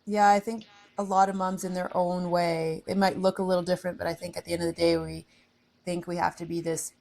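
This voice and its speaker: A woman with a low, gravelly voice talking in a relaxed, reflective way. She tells personal stories earnestly, in a casual podcast chat. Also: brisk. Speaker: podcast co-host.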